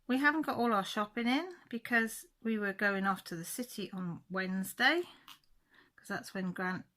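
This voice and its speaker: A woman's voice: mid-range voice, normal speed, sharp tone. A woman in her forties chatting casually while she works on a craft project, rambling and correcting herself mid-sentence. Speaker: crafting channel host.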